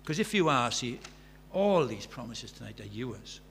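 A very animated man in his sixties preaches in a somewhat bright, mid-range voice with vocal fry, at a normal pace. Earnest and given to storytelling asides, he builds to fervent emphasis while a faint hum runs beneath.

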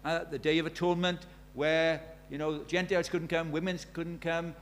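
Emphatic preacher with a higher voice. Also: male voice, little pitch movement, moderate pace. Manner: emphatic, repeats key phrases and asks rhetorical questions. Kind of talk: sermon.

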